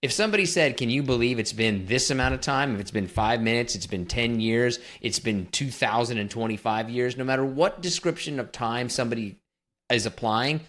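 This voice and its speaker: A man's voice: medium pitch, fairly quick, a bit bright. A man co-hosting a podcast who teases his partner and goes off on exasperated, sarcastic rants. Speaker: podcast co-host. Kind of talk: casual banter.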